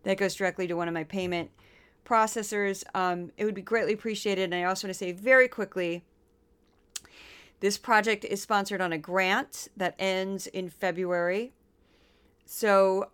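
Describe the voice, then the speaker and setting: A woman from Missouri hosting a podcast, talking casually with quick asides and then reading a scripted narration. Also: medium pitch, fairly bright tone, clean tone. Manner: chatty, quick asides, playful impressions. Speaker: podcast host.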